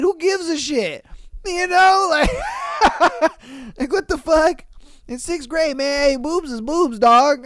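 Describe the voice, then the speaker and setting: A man's voice: very high-pitched, clean tone, no echo. Profane, incredulous male podcast host. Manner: profane, incredulous reactions with frequent laughter. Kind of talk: casual commentary reading listener stories.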